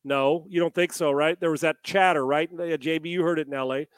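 Male sports talk co-host, rambling, question-heavy, slightly high, dry close sound. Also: steady tone, brisk, smooth, no echo. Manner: rambling, fires off rhetorical questions.

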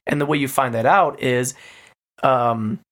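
A man on a podcast, casually retelling a video's plot with lots of fillers and animated quoted lines. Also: medium pitch, measured pace. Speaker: podcast co-host. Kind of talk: casual chat.

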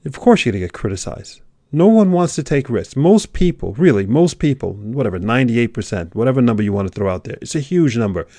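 A man giving a motivational monologue, preachy, swinging from loud urging to a hushed near-whisper. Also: mid-range voice, big pitch swings, quick pace, no echo. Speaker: motivational speaker.

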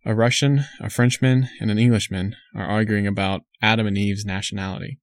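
A man co-hosting a casual chat, telling jokes in a deadpan way. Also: fairly low pitch, brisk, dry recording, studio quality.

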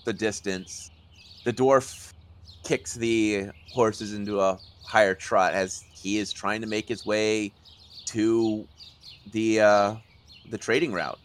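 A man narrating as game master of a tabletop role-playing game, in a relaxed, halting way. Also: lowish voice.

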